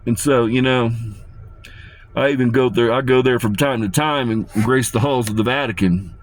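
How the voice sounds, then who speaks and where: A man's voice: mid-range voice, normal speed, slight background noise. A man delivering a rambling, profane and menacing rant to his viewers, often repeating himself. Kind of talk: ranting monologue to camera.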